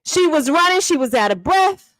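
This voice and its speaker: A woman's voice: high-pitched, lively intonation, normal speed, a bit bright, dry recording. A woman hosting a live stream, retelling events with theatrical flair and calling her viewers honey and baby. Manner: dramatic, theatrical, calls listeners honey and baby. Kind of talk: animated storytelling commentary.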